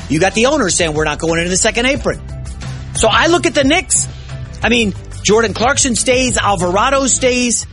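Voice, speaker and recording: Filling in as host on sports radio, a high-voiced man talks in an excitable, rambling way, frequently correcting himself mid-sentence.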